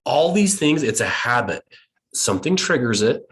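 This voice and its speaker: A middle-aged American man giving a casual, animated talk to students as a guest speaker. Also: mid-range voice, normal speed. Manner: playful, animated storyteller.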